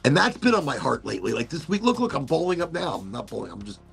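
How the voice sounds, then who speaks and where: A middle-aged man with a gravelly voice talks in a loose, rambling way, swearing and restarting his sentences. His pitch swings widely and sits a bit high, he is tearing up, and faint music plays behind him. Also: very animated, fast. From Florida. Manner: rambling, profane, emotional, frequent restarts. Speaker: podcast host. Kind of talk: casual chat.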